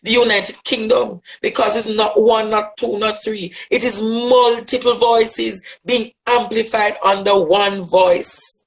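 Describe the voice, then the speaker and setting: A man's voice: high-pitched, steady tone, slow pace, vocal fry, hardly any pauses, low-quality recording. A man from Jamaica with a Jamaican accent, an LGBTQ advocate delivering a fiery, rhetorical monologue at a critic and repeating phrases for emphasis. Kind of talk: impassioned monologue addressing a critic.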